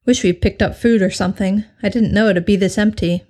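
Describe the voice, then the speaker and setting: A woman's voice: mid-range voice, fairly even intonation, brisk, dark tone, natural voice. Exasperated young man, read by a woman, clipped, anxious, story reading.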